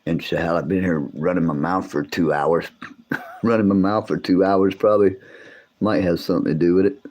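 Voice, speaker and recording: A man, hosting a casual livestream, rambling and swearing as he talks to his viewers, his voice gone deeper from coughing. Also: fairly even intonation, normal speed, darkish tone. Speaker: livestream host.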